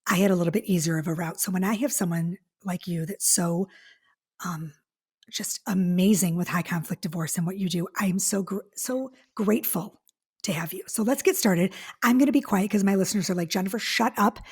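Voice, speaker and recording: A woman hosts a podcast with a slightly husky, breathy voice. She gushes and talks excitably, restarting her sentences as she goes, in a casual chat. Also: fairly low pitch, brisk. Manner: gushing, excitable, restarts often. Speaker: podcast host.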